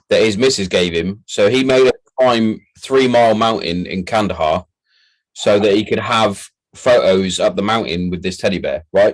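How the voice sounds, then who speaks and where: A man's voice: lowish voice, rough recording. A British man hosting a podcast, chatting casually with heavy swearing and banter. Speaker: podcast host. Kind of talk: casual chat.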